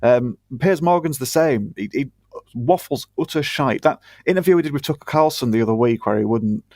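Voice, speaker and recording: A British podcast co-host with a mid-range, slightly mellow voice talks briskly with lively intonation. His casual chat is blunt, sweary and sarcastic, with a British English accent and no echo on the recording.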